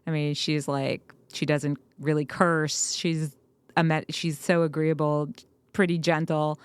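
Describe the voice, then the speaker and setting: A woman co-hosting a parenting podcast, chatting casually and telling animated stories with chuckles. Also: deep voice, unhurried, clean tone, no room sound. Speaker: podcast co-host.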